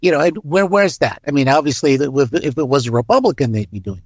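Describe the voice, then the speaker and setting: A man's voice: mid-range voice, expressive, fast, slightly rough, no room sound. An American man co-hosting political talk radio, casual and folksy with many fillers. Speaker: radio co-host.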